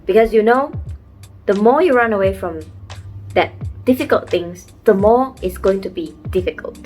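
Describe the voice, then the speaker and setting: A woman's voice: medium pitch, lively intonation, normal speed, darkish tone. A young woman talking earnestly to camera and giving advice, acting out the thoughts she quotes. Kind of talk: motivational talk to camera. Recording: faint music behind.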